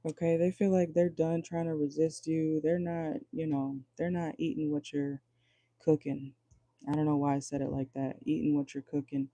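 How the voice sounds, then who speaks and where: A man's voice: fairly high pitch, dark tone, no echo. A man doing a casual livestream tarot reading, chatty and joking, talking straight to his viewers and swearing freely. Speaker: tarot reader.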